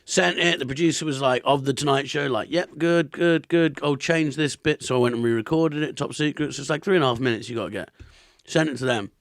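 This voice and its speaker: An English comedian hosting a casual chat, telling animated stories with plenty of laughing and swearing. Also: male voice, mid-range voice, fast, gravelly, no room sound, clean studio sound. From England. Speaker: comedian and podcast host.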